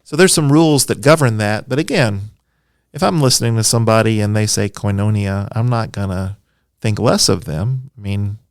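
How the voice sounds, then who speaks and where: A man with a low, smooth, resonant voice explains things with eager, nerdy enthusiasm. He is a scholar guest on a podcast, talking freely and poking fun at himself. The sound is close and dry. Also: brisk, dry recording. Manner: enthusiastic, explanatory, self-deprecating. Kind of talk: conversational podcast interview.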